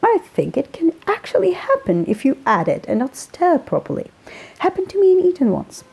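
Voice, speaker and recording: A woman's voice: fairly high pitch, dark tone, breathy edge, pitched above the performer's own voice, full character voice. A woman voicing a posh young Eton-schooled Englishman with grandiose, old-fashioned phrasing.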